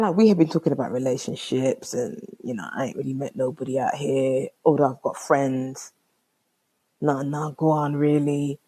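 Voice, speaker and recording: This young woman, who hosts her own podcast, has a London accent and a mellow, slightly rough bass voice. She tells a story in casual slang, exclaiming often and playing both sides of a conversation.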